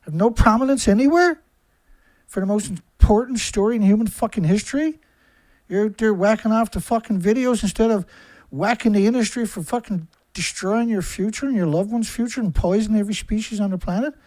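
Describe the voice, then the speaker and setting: A man's voice: brisk, no room sound, poor audio. Ranting, cursing man, dry sound. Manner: ranting, profane, repeated rhetorical questions, rising to shouts; starts low and subdued, builds to loud outbursts. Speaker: environmentalist video commentator. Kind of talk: angry monologue to camera.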